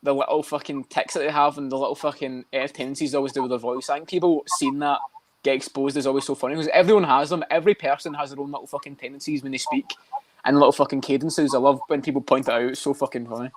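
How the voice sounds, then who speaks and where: A man's voice: medium pitch, steady tone, no echo. A young Scottish man with a Scottish accent in a casual podcast chat, swearing a lot as he talks. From Scotland. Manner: swears constantly, quick and chatty. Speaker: podcast co-host.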